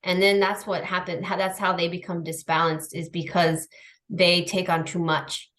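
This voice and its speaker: A woman in casual podcast chat who acts out lively little scenes with her pets, talking over a video call. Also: fairly low pitch, normal speed. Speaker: podcast guest.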